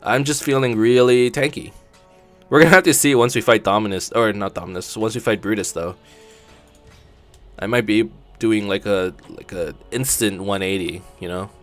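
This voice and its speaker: A man's voice: lowish voice, normal speed, faint music behind. A man hosting a gaming channel, giving laid-back commentary as he plays, thinking aloud and swearing casually.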